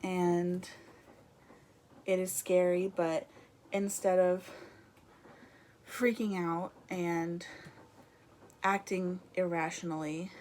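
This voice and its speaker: A woman's voice: fairly low pitch, level tone, extremely slow, pauses often, a little mellow, a little hiss or hum. A young woman chatting casually to camera from her room at home, rambling and laughing as she talks, a little out of breath. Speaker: vlogger.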